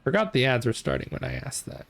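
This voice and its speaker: A man's voice: mid-range voice, animated, fast, gravelly, a bit bright. A man streaming a game, chatting with viewers in a laid-back, casual way while he plays. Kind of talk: casual gameplay commentary.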